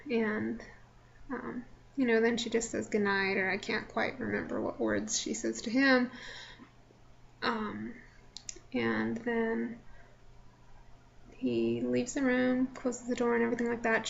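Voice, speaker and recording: A woman's voice: on the high side, little pitch movement, measured pace, vocal fry, fairly bright tone. A young woman vlogger casually recapping a live event she watched, chatty and full of filler words. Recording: slightly dull lo-fi audio with faint background noise.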